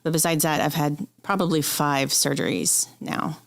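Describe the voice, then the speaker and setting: A woman with a low voice tells her personal story as a podcast guest. She speaks candidly, and emotion runs close to the surface. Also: steady tone, moderate pace, vocal fry. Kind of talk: personal interview conversation.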